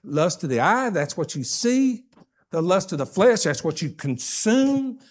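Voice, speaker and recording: Folksy older preacher, high-voiced. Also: male voice, big pitch swings, a little slow. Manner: folksy, emphatic preaching that swings between loud stresses and hushed asides. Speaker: pastor. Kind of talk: sermon.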